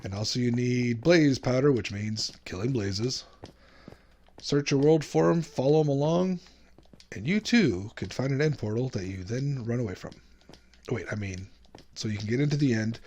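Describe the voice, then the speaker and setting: A man's voice: mid-range voice, normal speed. A man hosting his own gaming channel, talking casually over gameplay, chatty and self-mocking with frequent laughs. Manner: lively sing-song show intros.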